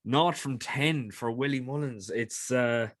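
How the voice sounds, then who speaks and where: A man's voice: medium pitch, unhurried. A man talks through his racing tips in a loose, chatty way. He doubles up words for emphasis and restarts his sentences. His mid-range voice sounds close and dry, with no room echo. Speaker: horse racing tipster. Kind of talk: casual tips talk.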